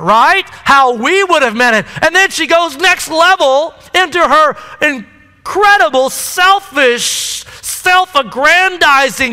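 A man preaching a sermon, telling a story in an animated way and asking the congregation questions. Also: extremely high pitch, measured pace. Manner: animated storytelling, addresses the crowd. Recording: echoey hall.

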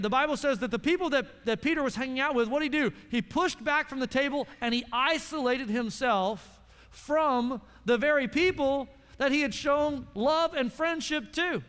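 A man's voice: extremely high pitch, normal speed, a bit bright, clear, resonant tone. A male pastor preaching a conversational sermon to a live audience, repeating words and putting questions to the room. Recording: long hall reverb.

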